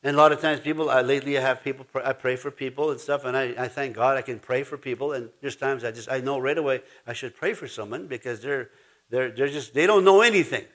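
A man's voice: mid-range voice, quick pace, a bit bright. A man preaching a sermon, telling rambling stories with restarts, laughter and many asides. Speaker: pastor.

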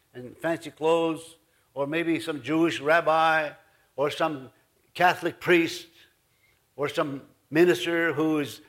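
A man's voice: a little high, a bit bright. A man pastor giving a folksy, rambling sermon in his church, full of asides. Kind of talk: conversational sermon.

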